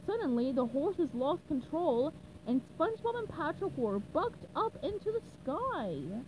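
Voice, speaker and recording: High, animated woman reading a storybook. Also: a little hiss or hum, poor audio. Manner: slow, animated narration. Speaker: storybook reader.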